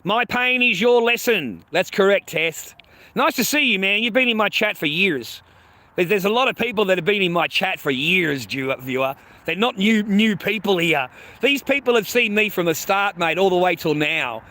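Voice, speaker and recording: A man's voice: high-pitched, animated, moderate pace, sharp tone, no echo. A man hosting a livestream, ranting bluntly and profanely at his chat, repeating himself and calling viewers mate and bro. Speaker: livestream host. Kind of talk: casual livestream rant to chat.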